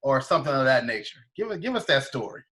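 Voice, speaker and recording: A man hosting a casual podcast interview, talking in a friendly, relaxed way and sometimes repeating words. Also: mid-range voice, fast, crowd noise. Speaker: podcast host.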